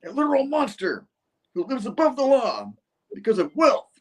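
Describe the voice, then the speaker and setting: Male host doing a high, strained comic-book cyborg avenger, shouting, grief-driven. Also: sing-song, moderate pace, heavily acted. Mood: grief-stricken rage. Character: grieving vengeful man turned cyborg attacker.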